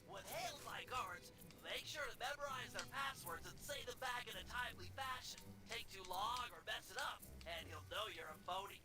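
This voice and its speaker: A man's voice: very high-pitched, animated, moderate pace, few pauses. A man voicing a nerdy, brainy male turtle who plans heists, with a precise, slightly nasal delivery in video game dialogue. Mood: briefing. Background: game music.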